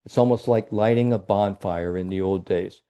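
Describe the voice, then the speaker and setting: A man from Ohio, a mental performance coach, telling stories as a guest in an interview, with a lively storytelling manner. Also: fairly low pitch, normal speed, dull audio. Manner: animated storyteller, frequent "you know".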